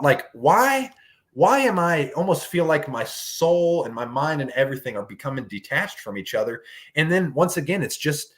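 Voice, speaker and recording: A man in his thirties, a fishing guide hosting a casual podcast, talking in an animated, rambling way and saying "dude" a lot. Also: on the high side.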